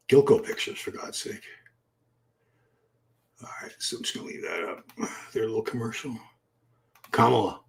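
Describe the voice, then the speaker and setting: A man's voice: on the high side, a little mellow. Chatty middle-aged man on a live stream. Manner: chatty, thinks aloud, reacts to chat. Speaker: livestream host. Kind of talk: casual live-stream commentary. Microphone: computer mic for live stream.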